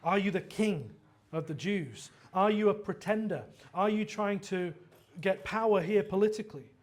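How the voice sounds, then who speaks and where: Man, high-pitched, preacher, earnest sermon, frequent restarts, conversational asides. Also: normal speed. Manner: quotes dialogue in lively voiced asides. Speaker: pastor.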